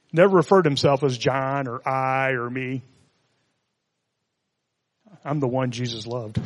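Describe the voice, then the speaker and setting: A man's voice: on the high side, long reverb tail. A man preaching a sermon, reading scripture and adding conversational, joking asides. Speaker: pastor.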